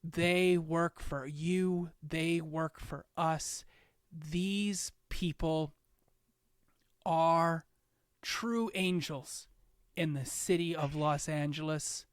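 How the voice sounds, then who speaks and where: A man voicing a female city mayor who gives a slow, grave rallying speech. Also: on the high side, steady tone, clear, resonant tone, dry recording, studio quality. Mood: solemn rallying.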